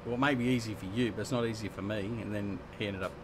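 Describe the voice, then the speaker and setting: A man's voice: on the low side, steady tone, racing, a little hiss or hum. Chatty Australian man streaming a farm game. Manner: chatty and joking, reading out chat and answering viewers. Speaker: live-stream host. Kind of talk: casual live-stream chat while gaming.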